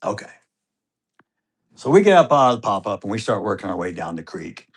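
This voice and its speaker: A middle-aged father telling a personal story in an interview, animated, moving between hushed tones and loud excitement. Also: lowish voice, fairly quick, slightly rough. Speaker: grieving father being interviewed.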